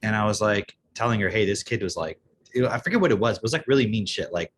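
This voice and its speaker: Young male co-host, talks fast, lowish voice, sarcastic and profane, faint room noise behind. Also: lively intonation. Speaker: podcast co-host. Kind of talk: casual chat.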